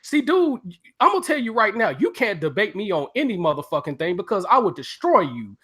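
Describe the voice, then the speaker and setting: Lively, taunting man ranting. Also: high-pitched, fast. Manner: profane, taunting rant at a viewer. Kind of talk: casual live-stream talk.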